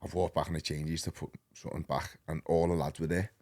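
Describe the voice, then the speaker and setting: A man in his thirties with a Liverpool accent, a podcast guest telling his story in a rambling, animated, slang-heavy way. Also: very deep voice, fast talker. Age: 30s. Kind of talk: casual storytelling.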